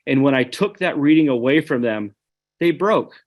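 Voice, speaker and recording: A man's voice: mid-range voice, lively intonation, normal speed. A man giving an online webinar presentation, earnest and conversational, speaking straight to his audience.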